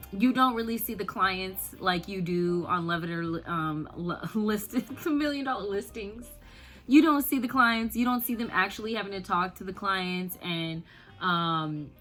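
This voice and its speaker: A woman's voice: medium pitch, a bit bright. A woman vlogger in a casual rant to the camera, emphatic and repeating herself, laughing often.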